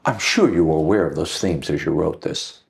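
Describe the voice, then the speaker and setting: A man's voice: a bass voice, lively intonation, fairly quick, vocal fry. A man hosting an interview who mostly listens with short affirmations and asks questions. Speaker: interview host.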